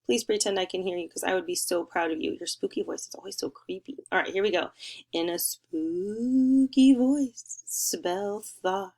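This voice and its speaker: A young woman teacher leading a remote spelling lesson for first graders, encouraging and sing-song, stretching words out slowly. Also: lowish voice, fairly even intonation, gravelly.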